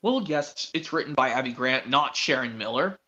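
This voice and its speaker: Bright-voiced young man chatting. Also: medium pitch, lively intonation, moderate pace. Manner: rambling, restarts, hesitant questions. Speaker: stream host. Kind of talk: casual chat. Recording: dull lo-fi stream audio.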